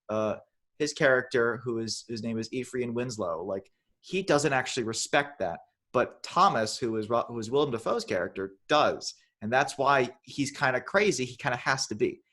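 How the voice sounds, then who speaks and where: A man retells a film in casual podcast chat. He rambles and restarts, sometimes slipping into exaggerated voices for the characters. His voice sits at an ordinary middle pitch. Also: lively intonation, a little fast, fairly bright tone. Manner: rambling, many restarts, acts out lines in funny voices. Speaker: podcast co-host.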